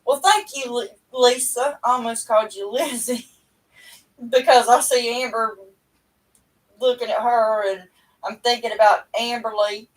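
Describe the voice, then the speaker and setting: A middle-aged woman with a drawl, talking in a chatty, rambling, folksy way with a fairly high voice. She sits at home talking into a webcam, and her voice sounds a little far from the mic. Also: fairly even intonation, measured pace. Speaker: livestream host. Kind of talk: casual chat to viewers. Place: at home indoors.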